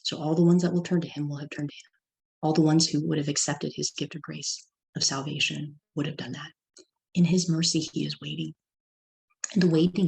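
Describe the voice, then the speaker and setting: A middle-aged woman from California, speaking as a guest, gives a personal testimony talk in a low, creaky voice. She tells a story and acts out her child's lines. The recording quality is low.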